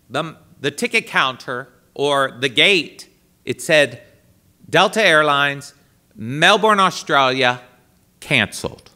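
A man's voice: fairly high pitch, pushed and bright. A middle-aged man, a priest, telling a comic travel story to an audience and acting out the dialogue. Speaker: priest and speaker.

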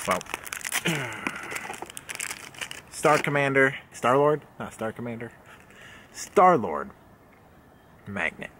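A man's voice: a little high, background noise. A young man vlogging as he unboxes a subscription box, rambling and jokey, often correcting himself. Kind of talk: casual unboxing vlog.

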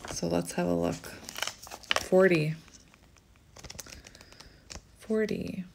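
A woman doing a casual oracle card reading, gushing softly over cards and reading their text aloud. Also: fairly low pitch, big pitch swings, very slow, gravelly, a little hiss or hum. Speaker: tarot reader.

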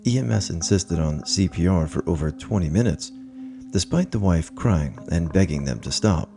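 A man narrating stories in an even, measured scripted read, with faint music behind him. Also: deep voice, creaky. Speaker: narrator reading online stories.

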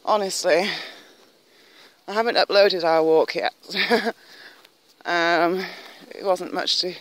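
A woman's voice: lowish voice, slow pace, dry recording. A woman from northern England talking casually to her own camera on a countryside walk. She rambles and laughs often. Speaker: vlogger. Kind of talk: casual walking vlog. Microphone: handheld camera filming herself.

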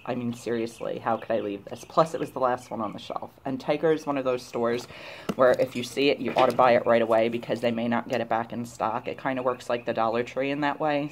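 A woman's voice: extremely low pitch, a little hiss or hum. A woman chatting casually to camera in a shopping haul video, gushing over cute little items. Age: adult, grown woman. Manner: gushing, chatty, excited about cute things. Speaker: YouTuber showing a shopping haul.

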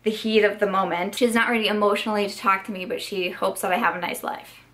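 A woman's voice: mid-range voice, fairly even intonation, fast, fairly bright tone. A young woman tells a long storytime while doing her makeup at home, speaking close to the camera. She talks in a chatty, exasperated way, filling her sentences with "like" as she relives an old friendship falling apart. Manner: chatty, exasperated retelling with many "like"s. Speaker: beauty vlogger. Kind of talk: get-ready-with-me storytime.

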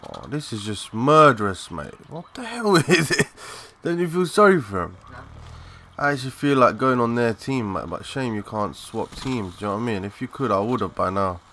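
A young man giving live, excitable commentary over a shooter game, swearing and chatting in slang. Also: on the low side, brisk, slight background noise. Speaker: gaming commentator.

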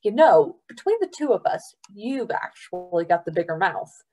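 A woman's voice: lowish voice, very animated, moderate pace, a little mellow, poor audio. A woman reading aloud, voicing a wisecracking, wary boy who grumbles sarcastically. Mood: grumbling.

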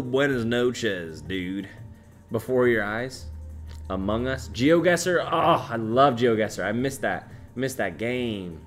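A young man in his twenties streaming live, casually reading viewer comments aloud and swearing now and then. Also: lowish voice. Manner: swearing, animated, shouts out chat names and places.

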